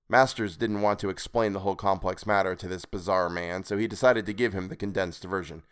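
A man narrating a weird tale in a measured, expressive reading. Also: low-pitched, smooth. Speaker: podcast reader. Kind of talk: scripted story narration.

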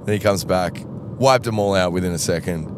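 A lower-voiced Australian man spins a lively anecdote as a podcast co-host, slipping into the voices of the people in his story. He talks in a loose, casual way. A faint engine hum sits behind him from the tour bus. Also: a little fast. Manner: animated, acts out voices in anecdotes.

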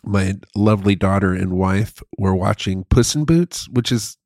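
Casual co-host, male, gravelly and low, loves a running gag. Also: lively intonation, measured pace, a little mellow, dry recording, clean studio sound. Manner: jokey, goes into comic bits and repeats them. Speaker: podcast co-host. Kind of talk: casual chat.

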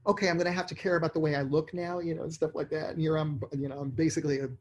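A man in his sixties from New York, a songwriter and producer telling stories in an interview and acting out his own thoughts in quick asides. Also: fairly high pitch, little pitch movement. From New York, USA. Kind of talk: conversational storytelling.

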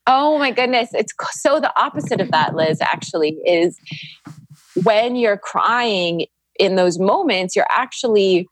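A woman's voice: medium pitch, lively intonation, unhurried, dry recording. A woman guest on a podcast, talking earnestly and reflectively about energy and feeling safe. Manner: earnest, reflective, spiritual wording. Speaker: podcast guest, Reiki practitioner. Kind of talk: casual podcast conversation.

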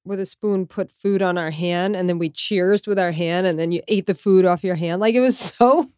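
A woman chatting casually about a trip, telling stories in a lively, animated way. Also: lowish voice, normal speed, smooth, no echo, studio quality. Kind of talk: casual travel chat.

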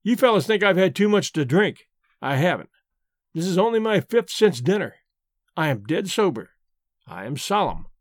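A man's voice: high voice, very animated, moderate pace, no echo, clean studio sound. A man reading an old male drinker who tells a wistful yarn in an earnest, solemn way, for an audiobook.

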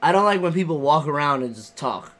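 Animated young man, high voice. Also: a little fast. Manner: animated, profane, acts out his own reactions. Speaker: podcast co-host. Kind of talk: casual chat.

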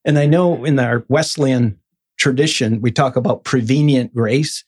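A man in an interview telling his own story in a casual, animated way, acting out the voices of people he quotes. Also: unhurried, slightly rough. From Michigan. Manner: animated, acts out quoted voices with sudden high bursts.

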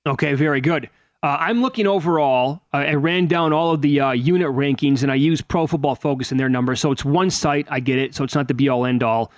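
A man's voice: fairly high pitch, fairly quick, no echo, studio quality. A man from Wisconsin hosting a sports talk radio show and asking a guest questions in a conversational way. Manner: conversational, with filler and restarts.

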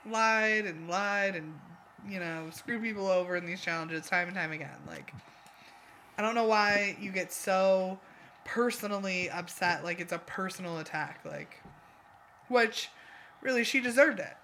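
Bright, animated podcast co-host. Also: mid-range voice, measured pace, a little hiss or hum. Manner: animated, exasperated asides. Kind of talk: casual chat recapping a reality show.

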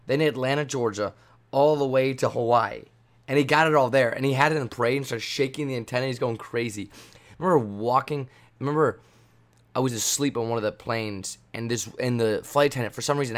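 Man telling rambling podcast stories. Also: medium pitch. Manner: rambling, swears freely, teasing. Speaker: podcast host. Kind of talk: casual podcast storytelling.

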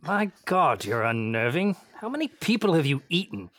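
A man's voice: fairly high pitch, very animated, moderate pace, fairly bright tone. A man improvising a pompous Indian prince who speaks in a put-on posh British accent, haughty and theatrical, often cracking up. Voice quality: theatrical, haughty, breaks into laughter. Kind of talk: improv comedy role-play.

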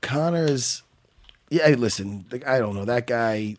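Animated, excitable man telling stories. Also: mid-range voice, unhurried. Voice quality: excitable, swearing, animated storyteller. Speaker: radio show co-host. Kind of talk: casual chat.

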